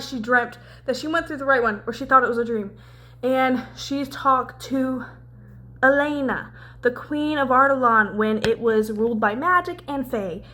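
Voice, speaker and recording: A young woman chatting casually in a book vlog, animated and swearing freely as she acts out scenes. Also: on the high side. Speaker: book vlogger. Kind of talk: casual chat.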